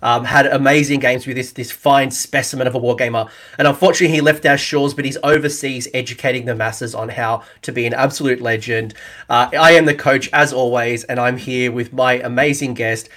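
A man's voice: mid-range voice, steady tone, a little fast, fairly bright tone. A man with an Australian accent hosting a podcast, chatting casually and telling jokey stories. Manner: jokey, laid-back storytelling. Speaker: podcast host. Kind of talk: casual chat.

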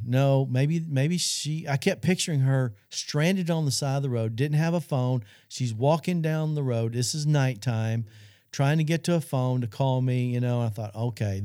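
A man's voice: mid-range voice, normal speed, dark tone, dry recording, studio quality. A middle-aged man telling an earnest personal testimony on a Christian talk show, speaking straight to the audience. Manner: earnest storytelling, addresses audience.

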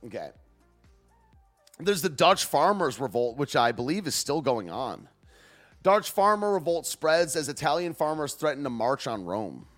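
A man's voice: a little high, very animated, a little slow, a bit bright, faint music behind. A man hosting a show, rambling through news clips in loose, slangy casual commentary and laughing often. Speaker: show host.

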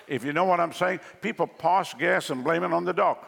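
A man's voice: fairly high pitch, fairly quick, gravelly, background noise. A male pastor preaching a sermon, telling jokes and stories to the congregation in a large church hall. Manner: joking, storytelling preacher. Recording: long hall reverb.

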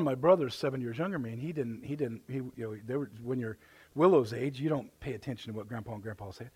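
A middle-aged man preaching a live church sermon in a folksy, halting way, with many restarts and repeated words. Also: medium pitch, darkish tone, slightly rough. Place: church sanctuary.

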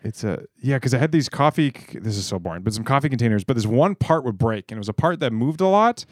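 A quick-talking man on a casual podcast, his pitch swinging widely as he rants and swears freely. The sound is close and dry. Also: dry recording. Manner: fast, lively, swears freely while ranting. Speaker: podcast co-host. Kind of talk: casual chat.

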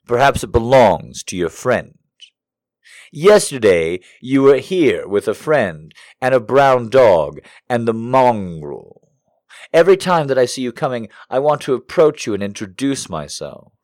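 A man as comedic host, rambling in a deadpan, self-mocking way and reading letters aloud. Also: medium pitch, a little slow, dry recording, clean studio sound.

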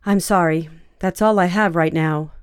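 A woman voicing a nervous, awkward young woman scribe who speaks in a halting, low-key way. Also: smooth, no echo, clean studio sound, lightly acted.

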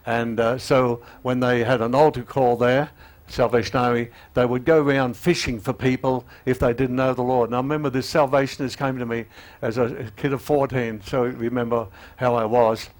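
A man in his eighties preaching a sermon, halting with fillers and restarts, often emotional, and growing louder and higher as he urges repentance. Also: fairly even intonation. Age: 80s. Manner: rises in pitch and volume when urging repentance.

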